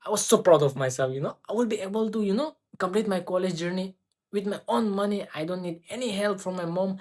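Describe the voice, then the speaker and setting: A young woman tells her own story for a vlog. She rambles, restarting sentences and filling pauses with small phrases as she goes. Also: mid-range voice, a little mellow. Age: young adult. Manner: rambling, full of fillers and restarts.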